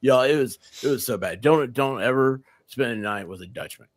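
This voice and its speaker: Man, rambling anecdotes, swooping animated pitch, laughs mid-sentence, dry close sound. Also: normal speed, no room sound. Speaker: livestream co-host. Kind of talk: casual storytelling chat.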